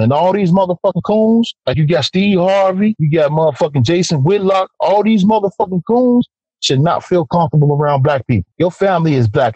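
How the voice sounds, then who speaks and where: A man's voice: on the high side, a little mellow, dry recording, low-quality recording. A man hosting a podcast, delivering a heated, profane and emphatic rant. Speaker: podcast host.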